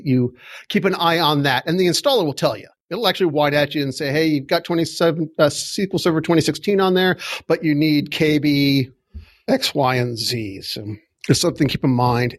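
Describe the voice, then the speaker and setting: A middle-aged man hosting a casual tech podcast, talking in a rambling, chatty way and often correcting himself mid-sentence. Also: medium pitch. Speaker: podcast host.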